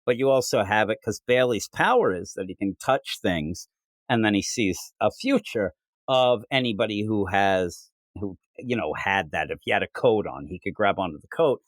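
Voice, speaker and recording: A man co-hosting a casual comic book podcast, recapping stories in an animated way. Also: lowish voice, moderate pace, dry recording. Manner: animated recapping, jumping into character voices. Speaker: podcast co-host.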